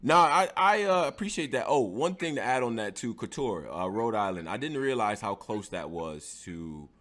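A man in casual chat, emphatic and joking as he argues. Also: lowish voice. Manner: animated, emphatic, quick to argue and joke.

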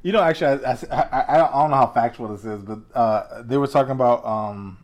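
A man's voice: mid-range voice, a little fast, darkish tone. A man in casual chat with a friend, laid-back and slangy, laughing often between words.

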